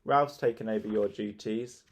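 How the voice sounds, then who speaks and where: A man's voice: fairly low pitch, moderate pace, close to an everyday voice. A man voicing a cheeky, mean boy who jeers at his little brother in a storybook. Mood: scornful. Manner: dismissive, jeering.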